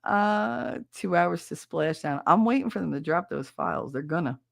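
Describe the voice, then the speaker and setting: A woman's voice: on the low side, lively intonation, moderate pace, creaky, no room sound, clean studio sound. Brash, swearing woman chatting on a stream. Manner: brash, swearing, laughing, mimics accents. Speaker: podcast host reading chat. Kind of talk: casual livestream chat.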